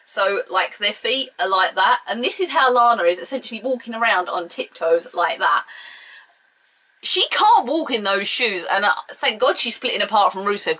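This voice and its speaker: A woman with a British accent talks through a casual solo review. Her tone is bright and sharp. She is blunt and sarcastic and states her opinions outright. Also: mid-range voice, low-quality recording. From United Kingdom. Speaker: show reviewer.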